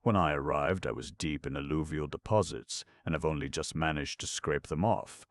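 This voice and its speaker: A man playing a suave, wordy gentleman. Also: a bass voice, moderate pace, no room sound, studio quality. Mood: gallant. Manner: elaborate and mock-solemn. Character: suave, verbose, self-assured young gentleman.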